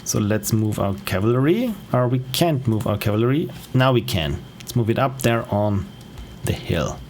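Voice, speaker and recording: A man's voice: on the low side, expressive, normal speed, darkish tone, slight background noise. German-accented man casually streaming a game. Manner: thinking aloud, with frequent fillers and self-corrections.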